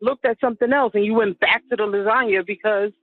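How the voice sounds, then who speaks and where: A woman calling in to a radio show, telling her bad date story in an animated, exasperated way. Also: medium pitch, fast, no echo. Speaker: caller on a dating radio show. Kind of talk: casual phone storytelling. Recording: tinny phone line.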